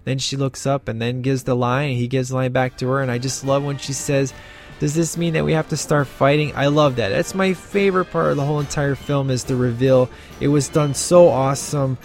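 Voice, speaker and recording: A man's voice: mid-range voice, fairly even intonation, a little fast, few pauses, darkish tone, soft background music. A man and father giving casual film commentary, rambling with many fillers and restarts. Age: adult with a child. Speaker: film reviewer.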